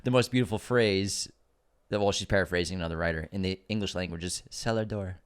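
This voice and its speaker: A man's voice: low voice, quick pace, clear, resonant tone. A man co-hosting a podcast, chatting casually about movie news with enthusiasm and frequent restarts. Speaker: podcast co-host.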